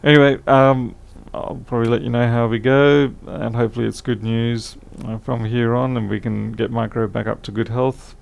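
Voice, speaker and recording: A man's voice: on the low side, a little mellow. A tired man chatting casually on a live stream, thinking aloud as he repairs a laptop, his voice fading. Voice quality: gravelly.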